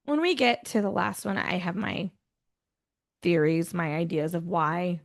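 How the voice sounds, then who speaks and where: A woman with a gravelly edge to her voice hosts a true-crime podcast. She reads dark storytelling passages and then drops into loose, chatty asides with her co-host. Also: lowish voice, unhurried. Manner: switches between scripted storytelling and chatty asides. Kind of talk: casual true-crime chat mixed with read narration.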